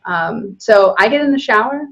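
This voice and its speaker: A woman's voice: fairly high pitch, animated, moderate pace, lo-fi sound. A woman guest on a podcast, talking candidly and animatedly, often breaking into laughter. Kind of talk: casual spiritual conversation.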